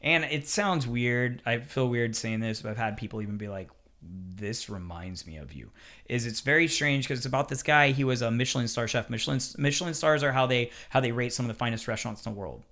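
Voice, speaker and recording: A man who works as a chef, talking casually on a podcast, telling animated stories with swearing and acted-out quotes. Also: medium pitch, fast talker, few pauses.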